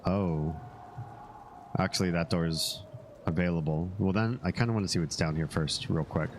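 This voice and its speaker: Brief: low-voiced male streamer, casual and jokey, loose with profanity, faint room hiss behind. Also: moderate pace. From Finland and the United States. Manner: rambling, joking, swears freely. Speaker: game streamer. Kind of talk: casual gameplay stream chat.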